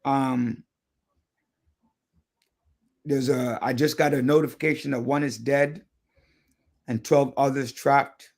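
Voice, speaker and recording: A man's voice: mid-range voice, fairly even intonation, slow, gravelly, pauses often, darkish tone. A man hosting a radio talk show in a studio, chatting casually and airing his opinions as he thinks aloud.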